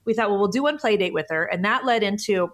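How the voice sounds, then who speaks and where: A woman's voice: mid-range voice, fast. Emotional, earnest woman in her forties. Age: 40s. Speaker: podcast guest. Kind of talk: conversational interview.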